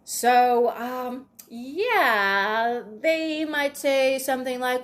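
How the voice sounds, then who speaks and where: Higher-voiced woman explaining in a casual monologue. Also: slow, hardly any pauses. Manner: conversational, many fillers, acts out quoted dialogue. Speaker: self-help video host.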